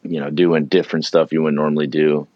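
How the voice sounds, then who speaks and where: A man's voice: very deep voice, level tone, fast talker, dry recording. A man guesting on a casual podcast chat as a touring drummer, laid-back and rambling, full of "you know" fillers. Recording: dull, lo-fi, dry sound.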